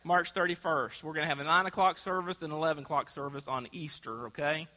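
A man's voice: a little high, fairly even intonation, quick pace, sharp tone. A man preaching a sermon in a church, asking the congregation to call out answers. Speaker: pastor. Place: church sanctuary. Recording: long church hall reverb.

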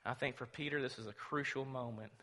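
A man preaching a sermon, telling the story dramatically and swinging between loud and hushed. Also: medium pitch, fairly even intonation, fairly quick. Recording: long reverb of a large hall.

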